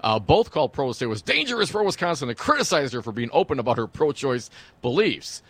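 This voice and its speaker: A man's voice: medium pitch, big pitch swings, fast talker, a bit bright, no echo. A man co-hosting political talk radio, reading news with blunt, wry remarks. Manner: blunt, wry commentary with frequent "uh" fillers.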